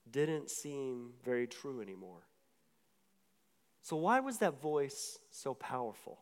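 A man with a fairly high voice preaches a sermon in a casual, storytelling way, often stumbling and restarting his sentences. His words ring out in a large hall with a long echo. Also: very animated, a little slow. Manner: conversational storytelling with many restarts and asides.

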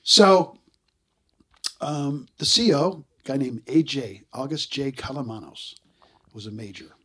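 A man in his sixties, a guest in an interview, telling stories in a casual, animated way and acting out the voices he quotes. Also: medium pitch, a little slow, slightly rough. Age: 60s.

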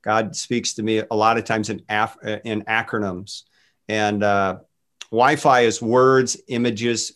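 A man speaking as a guest minister in a casual faith conversation, telling stories in an animated way and voicing quotes. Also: on the low side. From United States. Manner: animated storytelling with voiced quotes.

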